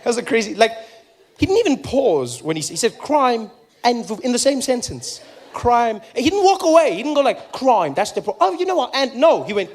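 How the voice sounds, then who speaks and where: A man with a South African accent doing a conversational, playful stand-up routine and acting out voices. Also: very high-pitched. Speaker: stand-up comedian.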